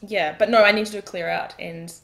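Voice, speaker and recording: A woman's voice: mid-range voice, steady tone, quick pace, vocal fry, a bit bright, a little hiss or hum. A woman co-hosting a casual chat show, joking about herself. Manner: self-deprecating, joking. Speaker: co-host.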